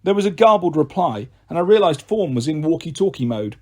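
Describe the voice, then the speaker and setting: A male audiobook narrator telling a first-person adventure with lively, expressive delivery. His voice sits a little high and carries a faint husky texture. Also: fairly quick. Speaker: storyteller.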